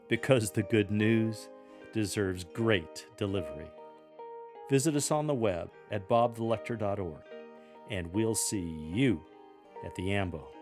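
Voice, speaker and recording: Man, lowish voice, measured teaching podcast, gentle coaching tone, faint background music. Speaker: podcast host coaching scripture readers. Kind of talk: instructional podcast lesson.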